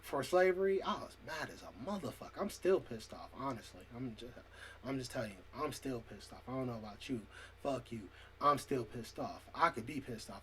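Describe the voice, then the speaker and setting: A man vlogging an angry, profane monologue, clearing his throat often and reading definitions aloud to argue with them. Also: medium pitch, a bit bright, slight background noise.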